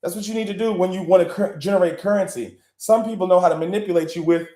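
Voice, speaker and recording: Guy hosting a live session, brash n sweary, high voice, roomy echo. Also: fast talker. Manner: profane, boastful, blunt, with bursts of laughing and shouting. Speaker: host of a live online session. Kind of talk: brash motivational talk.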